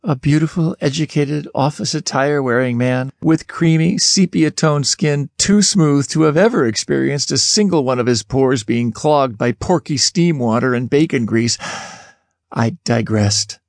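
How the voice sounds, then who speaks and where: A man narrating an audiobook in the first person, expressive and lifting his pitch sharply on questions, recorded close in a studio booth. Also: a little slow, dry recording.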